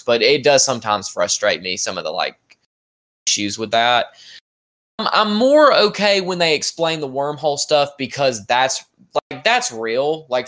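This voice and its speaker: A man co-hosting a casual film review podcast, talking in an animated, opinionated way with frequent "like". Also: mid-range voice. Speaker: podcast co-host.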